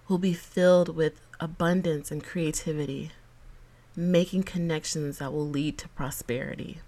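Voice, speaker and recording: A woman hosting her own podcast, giving a slow, affirming pep talk to her listeners. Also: fairly low pitch, a little mellow. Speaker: podcast host. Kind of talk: solo podcast monologue.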